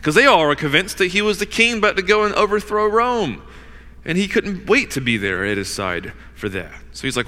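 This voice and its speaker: Brief: male preacher, slightly high and very bright voice, casual and emphatic, long hall reverb. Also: sing-song, brisk. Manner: conversational, emphatic, fills with "like" and "you know". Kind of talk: sermon.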